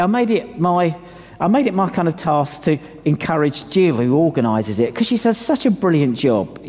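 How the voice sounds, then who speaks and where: Man pastor preaching, lively swinging voice, bit high, long echo in a church hall. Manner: emphatic, animated preaching with asides to the congregation. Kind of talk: sermon.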